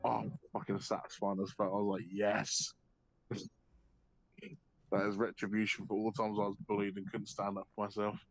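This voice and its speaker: A man's voice: fairly low pitch, a little fast, slight background noise, rough recording. Sweary man telling a story. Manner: animated and sweary, acting out quotes and laughing often. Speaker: guest on a live stream. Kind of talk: casual storytelling chat.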